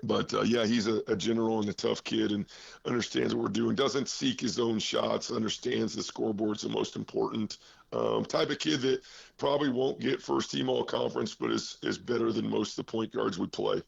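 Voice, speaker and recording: Winded coach from Iowa, very gravelly, lo-fi line, rambling with fillers. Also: male voice, lowish voice, moderate pace. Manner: rambling, filler-heavy, self-deprecating humor. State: out of breath. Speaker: head basketball coach, guest. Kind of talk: casual phone interview.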